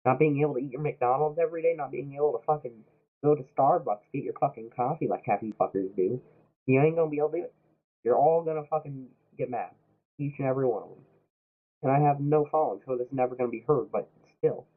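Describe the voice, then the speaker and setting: A man's voice: mid-range voice, fast. A young man streaming while sick, ranting heatedly about politics and swearing constantly. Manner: heated, swearing, mock-quoting others. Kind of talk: profane political rant while streaming a game. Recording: tinny, phone-like lo-fi audio.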